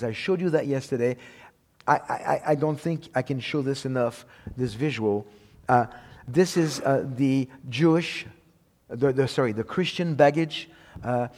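A middle-aged preacher delivers an emphatic sermon to his church, quoting scripture and often repeating words as he restarts. His mid-range voice is a little mellow, and the hall adds long reverb.

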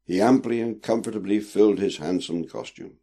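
Man reading a story, low gravelly voice, lots of ups and downs. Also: brisk. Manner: expressive, lilting narration. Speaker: narrator.

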